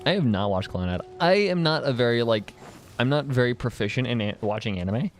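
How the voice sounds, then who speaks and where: A man's voice: medium pitch, lively intonation, a little fast, faint music behind. Rambling young man chatting while gaming. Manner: rambling, laughing, many fillers and restarts. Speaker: streamer. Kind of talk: casual chat while gaming, reading chat.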